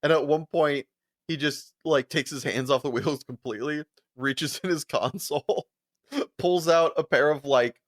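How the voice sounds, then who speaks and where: A man's voice: normal speed, no room sound, studio quality. A man co-hosting a podcast, telling stories in casual chat, laughing often and acting out the people he quotes. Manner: animated, laughs often, acts out quotes in higher voice. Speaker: podcast co-host.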